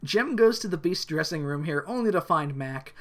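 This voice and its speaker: A man's voice: fairly high pitch, expressive, moderate pace, a bit bright. A man co-hosting a podcast, recapping an episode in casual, rambling talk, swearing and restarting often. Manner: rambling, profane, many restarts. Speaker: podcast co-host.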